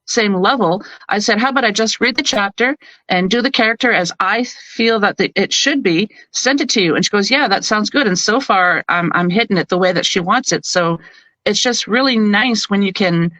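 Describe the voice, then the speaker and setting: Bright-voiced Canadian woman, chatty. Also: mid-range voice, moderate pace, dry recording, low-quality recording. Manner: chatty, animated storyteller who acts out quotes. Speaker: audiobook narrator, guest. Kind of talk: casual interview chat.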